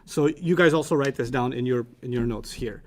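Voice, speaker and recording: A man's voice: medium pitch, a little fast. A man teaching Arabic grammar to young students in a casual, playful, teasing way. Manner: playful, teasing, animated explaining.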